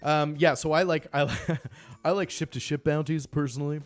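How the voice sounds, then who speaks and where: A man's voice: a little high, fairly even intonation, moderate pace, soft background music. A man chatting casually on a game live stream, upbeat and greeting viewers by name.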